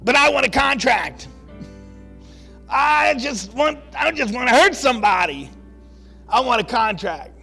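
A man's voice: extremely high pitch, sing-song, a little slow, vocal fry, pauses often, pushed and bright, slightly rough, soft background music, voice pushed up, full character voice. A man preaching while voicing a scheming male spirit of darkness who bargains for a contract in a wheedling, grasping way.

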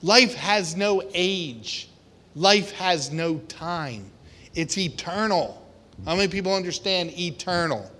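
A man preaching a sermon with great passion, swinging from hushed, deliberate lines to loud, emphatic ones. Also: high voice, lively intonation. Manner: impassioned, swinging from quiet to shouting. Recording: long reverb of a hall.

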